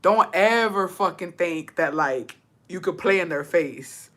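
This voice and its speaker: Bright-voiced Texan woman telling stories. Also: fairly low pitch, lively intonation. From Texas. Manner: profane, switches into Spanish, quick laughs. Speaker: streamer. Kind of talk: casual storytelling to a live chat.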